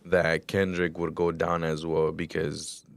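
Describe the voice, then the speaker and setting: Man, very low voice, flat delivery, relays chat comments, casual. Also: a little slow, vocal fry, dry recording. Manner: matter-of-fact, relays what people say.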